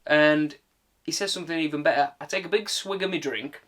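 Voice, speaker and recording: A man's voice: fairly high pitch, a little fast, a bit bright. A British man giving a casual, exasperated film rant, full of swearing and filler words. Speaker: film reviewer. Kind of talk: casual ranting commentary.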